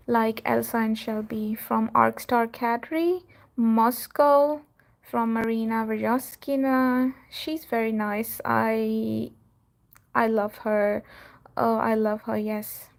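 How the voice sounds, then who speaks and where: A woman's voice: on the high side, little pitch movement, slow, gravelly. A woman who runs a cattery and hosts her channel, chatting casually on a live stream, laughing often and trailing off with fillers. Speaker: cattery owner and channel host.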